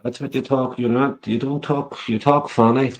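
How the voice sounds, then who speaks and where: A man's voice: mid-range voice, steady tone, normal speed. Crude teasing man, swearing. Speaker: live stream guest. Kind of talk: casual chat.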